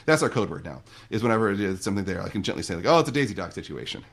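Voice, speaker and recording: A middle-aged man, a guest on a podcast, telling stories and explaining ideas in a relaxed, conversational way. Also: on the low side. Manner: fast, animated storytelling. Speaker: podcast guest, marriage coach.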